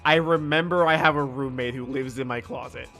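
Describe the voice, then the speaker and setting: A young man casually telling a story, animated, laughing and swearing as he goes. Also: medium pitch, brisk, faint music behind. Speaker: streamer.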